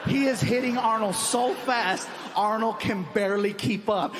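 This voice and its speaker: A male comedian telling an animated stand-up story on stage, acting out scenes and yelping. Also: sits high, moderate pace, few pauses, long reverb tail, heavy background noise.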